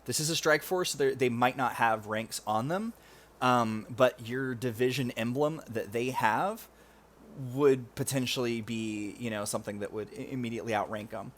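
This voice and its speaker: A man's voice: mid-range voice, normal speed, a bit bright. Hesitant man running a tabletop game. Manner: hesitant, lots of fillers. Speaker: game master. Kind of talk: explaining rules in a tabletop game.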